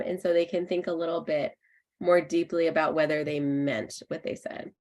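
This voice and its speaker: A woman psychologist giving an online workshop, explaining step by step in a friendly way with frequent ums. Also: sits low. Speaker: clinical psychologist presenting a workshop.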